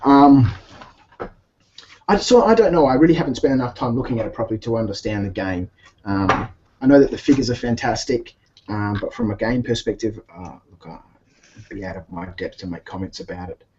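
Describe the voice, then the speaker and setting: Brief: easygoing man, mellow tone, chatty and rambling, dull lo-fi recording. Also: on the low side, fairly quick, slight background noise. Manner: rambling, many fillers and restarts. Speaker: podcast co-host. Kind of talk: casual chat while painting miniatures. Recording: dull lo-fi sound.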